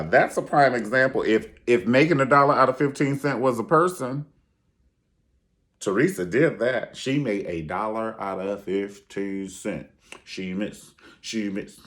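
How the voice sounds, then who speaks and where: A man giving a sassy, profane reality TV review, acting out quotes in high voices. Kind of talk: animated casual commentary.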